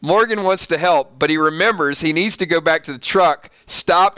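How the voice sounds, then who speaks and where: Bright, laughing male recap host. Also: fairly high pitch, moderate pace, hardly any pauses, smooth, dry recording. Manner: laughing often, sarcastic asides. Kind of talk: casual TV recap reading from an article.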